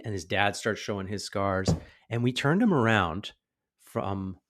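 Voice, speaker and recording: In his thirties, a podcast host tells a story in a loose, animated style, performing the voices of the characters. His voice is fairly low and his pace moderate.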